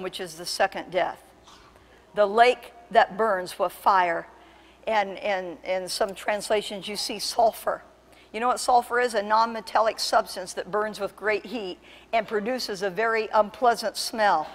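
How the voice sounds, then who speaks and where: A woman pastor preaching a sermon with impassioned, emphatic delivery that surges to loud peaks. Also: medium pitch, steady tone, a little slow, long reverb tail. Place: church sanctuary.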